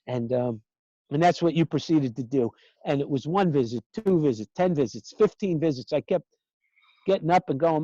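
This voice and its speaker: A middle-aged man telling a story in casual conversation, animated and acting out past dialogue. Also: fairly high pitch, normal speed, no room sound, muffled recording. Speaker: guest recalling early sessions.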